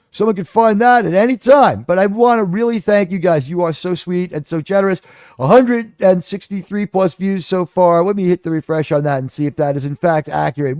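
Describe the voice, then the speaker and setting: A man's voice: sits high, lively intonation, normal speed, a little mellow, no echo, clean studio sound. A man hosting a live stream, ranting and telling stories in a sarcastic, mocking way. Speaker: livestream host.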